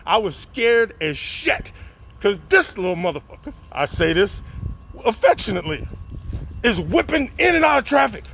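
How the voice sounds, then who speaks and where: A middle-aged man, telling a profane, animated spoken-word story and acting out the dialogue. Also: sits high, moderate pace, creaky, slight background noise. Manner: acts out dialogue, rises in excitement.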